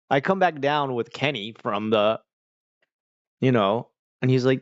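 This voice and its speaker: An Australian man streaming, telling stories in a loose, rambling way, full of "like" and quick restarts. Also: medium pitch, dull audio. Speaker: livestreamer. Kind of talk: casual chat.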